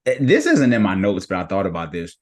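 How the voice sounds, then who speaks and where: Low-voiced man hosting a podcast. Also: wildly swooping pitch, a little fast. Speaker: podcast host. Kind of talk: conversational interview questions.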